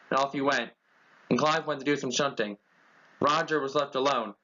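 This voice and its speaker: A man's voice: mid-range voice, normal speed, sharp tone. A man reading a scripted storybook tale in a plain narrating manner, in a dull lo-fi recording.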